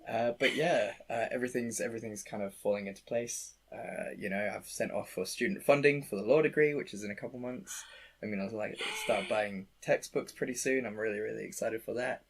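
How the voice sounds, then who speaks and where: A young man co-hosting a podcast, chatty and excitable with lots of fillers. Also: lowish voice, brisk, slightly rough. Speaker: podcast co-host. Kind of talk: casual chat.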